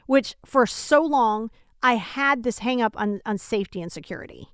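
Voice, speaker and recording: A woman hosts a self-help podcast from home, talking in a casual, animated way. She is emphatic and speaks straight to the listener, often asking rhetorical questions. Her voice sits a little high and sounds dry and close. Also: normal speed, clear, resonant tone, no room sound. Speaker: podcast host.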